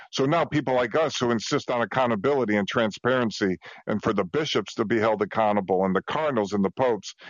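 A man talking fast and emphatically as a guest, piling on example after example. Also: lowish voice, no echo, dull audio. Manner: rushed, emphatic, piles on examples. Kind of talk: fast conversational testimony.

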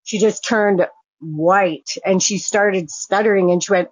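A woman's voice: medium pitch, fairly even intonation, unhurried, no echo. Blunt woman telling her own story. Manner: frank, blunt, swears freely. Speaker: guest. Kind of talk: personal storytelling. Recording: dull, dry lo-fi sound.

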